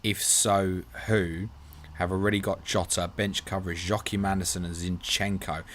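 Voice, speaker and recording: A chatty man hosts a live question-and-answer stream, reading viewer messages aloud and replying in a loose, friendly way. His voice sits a little low, and he keeps calling people "mate". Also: little pitch movement, normal speed, a bit bright, slight background noise. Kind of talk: casual live Q&A.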